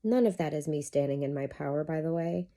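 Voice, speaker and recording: Low mellow-voiced woman coaching. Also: brisk. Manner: candid, chatty, swears freely. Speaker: life coach. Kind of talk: casual monologue to camera.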